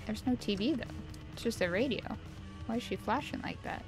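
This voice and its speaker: A woman's voice: fairly high pitch, lively intonation, fairly quick, over music. A woman in casual live-stream commentary, playing a horror game, chatty and playful, talking back to the characters and slipping into silly voices. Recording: game ambience under the voice. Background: game sound ambience.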